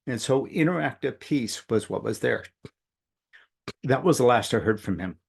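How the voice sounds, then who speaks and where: A man's voice: mid-range voice, animated, moderate pace, creaky, breathy edge. A middle-aged man telling a long personal story in a casual, rambling way, often quoting what others said. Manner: rambling, conversational, quotes others at length. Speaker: speaker sharing a personal story.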